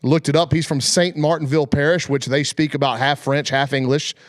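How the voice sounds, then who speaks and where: A man's voice: on the high side, flat delivery, brisk, no echo, clean studio sound. A male radio host opening a sports talk show, chatty and emphatic.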